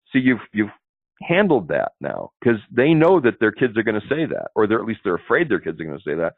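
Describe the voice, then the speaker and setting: A man's voice: lowish voice, dry recording. A man giving sales advice in an interview, chatty and explanatory, often checking in with "see?". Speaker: sales trainer, interview guest. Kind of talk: instructive interview talk. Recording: tinny phone line.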